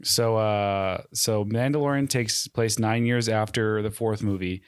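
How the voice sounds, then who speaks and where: A man's voice: lowish voice, fairly even intonation, unhurried, smooth, no echo, studio quality. A man co-hosting a podcast in casual chat, rambling with many fillers. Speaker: podcast co-host.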